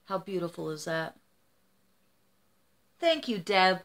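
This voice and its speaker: A woman's voice: fairly low pitch, sing-song, takes it slowly. Woman, middle-aged, casual vlog chat, emotional, rambling. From United States. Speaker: vlogger opening gifts.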